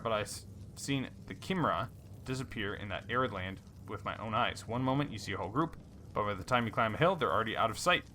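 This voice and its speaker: A man's voice: lowish voice, bright, forceful tone, a little hiss or hum. A man hosting a let's play, casually reading game dialogue aloud with fillers and small slips.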